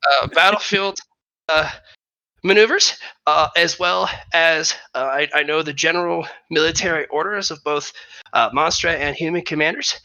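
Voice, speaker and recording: A game master voicing a small, earnest young male fighter who pitches himself eagerly with lots of fillers. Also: normal speed, pushed and bright, dry recording, dull audio. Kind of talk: tabletop role-play voice.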